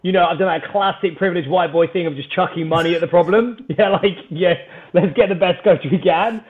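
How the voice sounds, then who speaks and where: Give me a man with a slightly high voice telling a story casually, animated and self-mocking, sounding like over a phone. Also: brisk. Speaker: podcast guest. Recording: phone-like narrow band.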